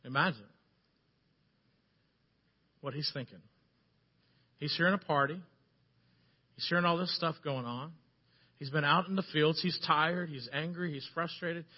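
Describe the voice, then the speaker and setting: A man preaching a sermon, telling the story with animated shifts between loud passages and hushed ones. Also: a little high, a little slow, long pauses, slightly rough, highs cut off.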